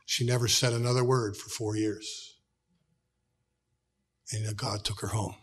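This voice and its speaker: A middle-aged man with an American accent, preaching a sermon as a pastor, telling stories and dropping from loud to hushed tones. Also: medium pitch, normal speed, pauses often, husky. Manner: storytelling, shifts from loud to hushed.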